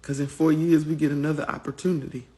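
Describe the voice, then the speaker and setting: A woman's voice: low-pitched, little pitch movement, quick pace, mellow. A woman giving a rallying, defiant pep talk to her viewers in rhythmic, repeated phrases. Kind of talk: motivational address to viewers.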